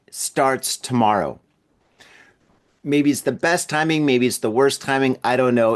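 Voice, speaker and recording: Easygoing man hosting a chatty podcast. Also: medium pitch. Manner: chatty, easygoing, laughs often. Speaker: podcast host. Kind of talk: casual solo podcast chat. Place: at home in an apartment building.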